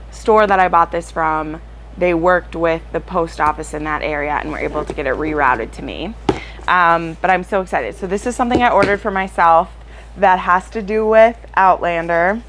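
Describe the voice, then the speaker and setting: A young woman talks to camera about her reading in a loose, chatty way. Her voice sits a little on the low side, and she bubbles with eager energy, padding her sentences with plenty of fillers. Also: slight background noise, rough recording. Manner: chatty and excitable, with frequent fillers. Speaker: book vlogger. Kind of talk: casual chat to camera.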